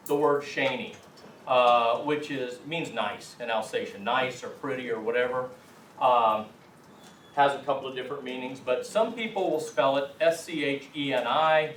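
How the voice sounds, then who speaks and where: A man's voice: medium pitch, slight background noise. A man giving a chatty, emphatic talk as teacher of a language class to a room of students. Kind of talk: casual classroom lecture. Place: classroom with an audience. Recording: echoey room, distant mic.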